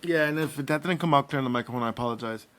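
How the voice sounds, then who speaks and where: A man hosting a podcast in casual, playful chat, animated and joking. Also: medium pitch, racing. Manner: playful, animated, breaks into singing and impressions. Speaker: podcast host.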